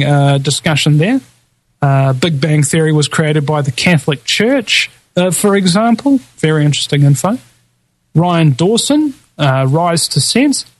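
A man's voice: on the high side, no echo. A man hosting a podcast, casually rambling through a list of past guests with lots of fillers, restarts and jokey asides. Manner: laughs often, jokey asides. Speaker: podcast host.

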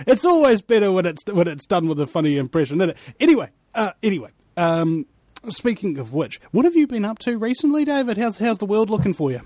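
A man hosting an interview show, excitable and prone to loud asides. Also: a little high, a little fast, dry recording, studio quality. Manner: excitable, swings between loud asides and mumbled fillers. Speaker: podcast host.

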